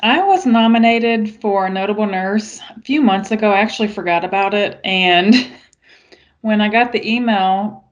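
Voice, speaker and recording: A woman's voice: mid-range voice, moderate pace, muffled recording. A woman, a nurse being interviewed, telling her award story in a matter-of-fact way. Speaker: nurse guest.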